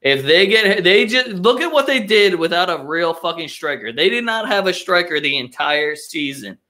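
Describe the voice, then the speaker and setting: A man's voice: sits high, normal speed. A young man hosting a casual live soccer chat, swearing a lot and ranting with strong opinions, sometimes mocking others in put-on voices. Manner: profane, opinionated, animated rants with mocking voices. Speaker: podcast host.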